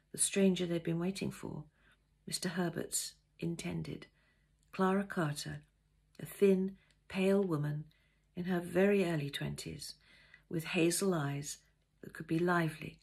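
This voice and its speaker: A woman author reading her own novel aloud, gentle and intimate in the first person. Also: fairly low pitch, vocal fry, slightly rough. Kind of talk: storytelling read aloud.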